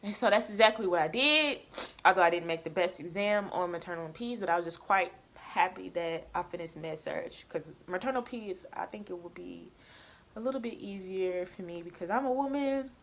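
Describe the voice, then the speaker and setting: A woman's voice: on the low side, brisk, slight background noise. A young woman, a nursing student chatting candidly and with a lot of swearing as she tells her story. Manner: candid, profane, animated retelling. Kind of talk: casual storytelling chat.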